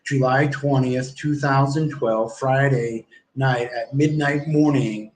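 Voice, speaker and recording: A man's voice: mid-range voice, steady tone, takes it slowly. A man in his forties telling a long, rambling story on a livestream, swearing often and acting out what others said. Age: 40s. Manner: profane, rambling, acts out others' lines in quotes. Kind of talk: rambling first-person storytelling. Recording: echoey room with faint background noise.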